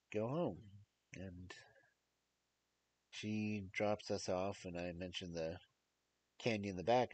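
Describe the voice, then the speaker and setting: A man's voice: low voice, darkish tone, a little hiss or hum, poor audio. A man telling a story in a casual, rambling way, with plenty of fillers and restarts.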